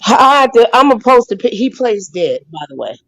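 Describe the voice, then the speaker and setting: A woman's voice: on the high side, very animated, brisk, a bit bright, rough recording. A woman hosting a casual live chat, exclaiming and calling out to her dog. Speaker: host.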